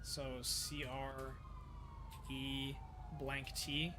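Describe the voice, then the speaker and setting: A man's voice: medium pitch, monotone, extremely slow, background noise. A man streaming a role-play game, talking to himself, swearing often and swinging between frustration and disbelief. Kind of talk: live game-stream commentary.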